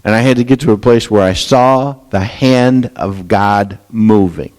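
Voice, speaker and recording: A man preaching a Bible study sermon, talking candidly and conversationally, rising into animated quoted lines. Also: fairly low pitch, unhurried. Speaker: pastor. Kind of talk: expository sermon.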